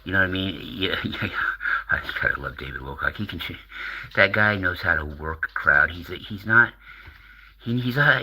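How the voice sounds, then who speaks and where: A man's voice: low voice, pushed and bright, a little hiss or hum, rough recording. A middle-aged American man rambling casually as a channel host, swearing and laughing often.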